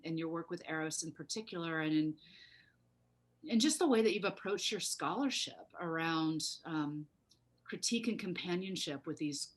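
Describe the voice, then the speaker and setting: A woman moderating an online gathering, thoughtful and searching for words as she asks questions. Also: low-pitched. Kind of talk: casual moderating on a video call.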